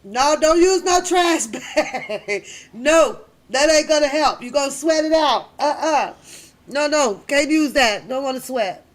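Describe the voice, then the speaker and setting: A middle-aged woman hosting a casual live chat, telling stories loudly, laughing often and cursing freely. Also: high voice, animated, measured pace. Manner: loud, laughing, profane storytelling. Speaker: livestream host.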